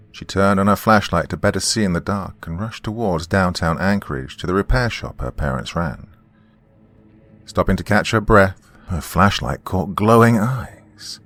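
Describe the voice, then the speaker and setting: A man narrating a horror story in a measured, scripted storytelling manner. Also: low voice, fairly bright tone. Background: faint music.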